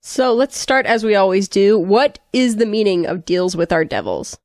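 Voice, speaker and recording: A woman co-hosting a fan podcast, chatting casually with dry, deadpan sarcasm. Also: mid-range voice, moderate pace, no echo. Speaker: podcast co-host. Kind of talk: casual chat, TV episode discussion.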